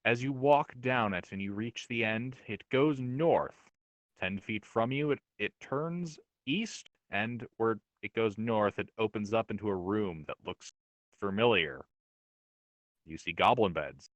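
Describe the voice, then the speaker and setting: A man with a low-pitched voice running an online tabletop game as dungeon master. He talks casually and laughs easily. His voice sounds close and dry. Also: unhurried, dry recording, dull audio.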